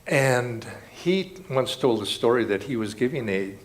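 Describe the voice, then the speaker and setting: Lively earnest man giving a spiritual talk. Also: medium pitch, measured pace, a little hiss or hum. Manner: earnest, storytelling, reflective. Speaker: spiritual speaker.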